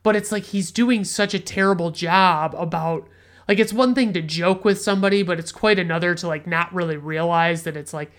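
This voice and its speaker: A woman's voice: fairly low pitch, fairly even intonation, a little fast. A woman hosting a casual film review podcast, retelling scenes in a rambling, profane way with frequent restarts and fillers. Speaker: podcast host reviewing films.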